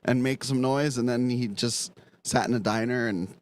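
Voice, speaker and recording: A man's voice: medium pitch, fairly even intonation, moderate pace. A man chatting casually on a stream, hesitant and restarting lines, with dry jokes. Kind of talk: casual chat.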